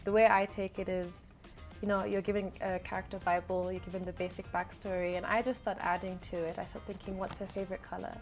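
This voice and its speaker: A woman's voice: lowish voice, level tone, fairly quick, faint music behind. Chatty young woman, interview guest. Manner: chatty, laughs often, light self-deprecating humour. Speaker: actress and model, interview guest. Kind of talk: casual interview chat.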